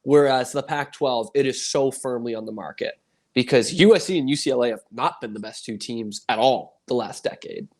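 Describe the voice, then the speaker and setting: A man's voice: mid-range voice, normal speed, darkish tone. A man co-hosting a casual sports podcast, ranting in a rambling way and acting out quoted voices. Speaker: podcast co-host.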